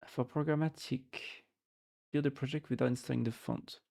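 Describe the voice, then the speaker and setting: On a livestream, a man chats loosely with his viewers, reading their messages aloud and joking back, while rambling and repeating words as he searches for the next one. His pitch sits right in the middle, steady and dark-toned with a gravelly edge, at a normal speed.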